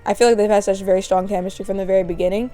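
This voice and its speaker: A woman's voice: mid-range voice, fairly even intonation, rapid-fire, mellow. A young woman hosting a gaming channel, chatting through a let's play with frequent giggles and asides. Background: faint background music.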